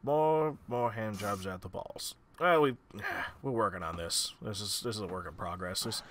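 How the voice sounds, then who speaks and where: A man voicing an elderly retired military man who is now mayor, speaking in a halting, stammering old-man voice. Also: lowish voice, a bit bright, slight background noise, close to an everyday voice. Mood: flustered.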